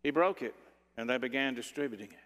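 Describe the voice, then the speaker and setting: A man preaching a sermon in a church, dramatic, and dropping to hushed tones for emphasis. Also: medium pitch, fast. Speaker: pastor. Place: church sanctuary. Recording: long church reverb.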